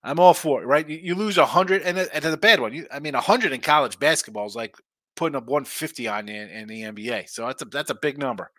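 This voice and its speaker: A man's voice: medium pitch, animated, fast talker, pushed and bright, dry recording. A man hosting a live sports betting stream, talking loosely and bantering as he reads viewer comments. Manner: loose, chatty, banters with chat. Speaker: sports betting show host.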